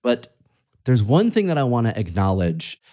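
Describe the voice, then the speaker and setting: A man's voice: mid-range voice, sing-song, normal speed, warm tone. A man hosting a podcast interview, reflective and conversational. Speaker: podcast host.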